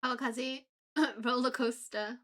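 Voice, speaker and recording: A woman's voice: on the high side, fairly even intonation, measured pace, pushed and bright. A woman livestreamer chatting casually with viewers in a playful, giggly way. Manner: playful, giggly, drifts into Japanese phrases.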